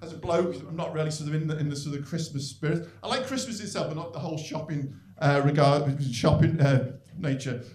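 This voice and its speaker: This live stand-up routine comes from a middle-aged Northern English man from St Helens, North West England, whose slightly high, slightly mellow voice runs a little fast with hardly any pauses. He's dry, self-deprecating and rambling, dropping "really" often, while the echoey club audience laughs.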